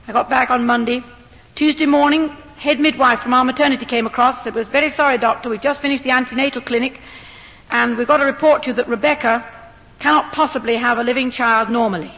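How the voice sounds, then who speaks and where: A woman's voice: high voice, fairly bright tone. A woman, a missionary doctor, giving an earnest, dramatic testimony. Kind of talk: personal testimony talk. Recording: echoey hall, dull lo-fi sound.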